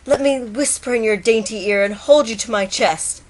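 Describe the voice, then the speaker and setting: A woman's voice: normal speed, a little mellow, natural voice. A woman doing a lovesick pleading turtle. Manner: high, rising, pleading.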